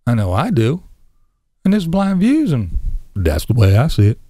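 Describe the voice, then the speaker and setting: A man's voice: mid-range voice, wildly swooping pitch, moderate pace, warm tone, no echo, clean studio sound. A man hosting his own vlog, ranting bluntly and crudely with lots of swearing. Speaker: vlog host.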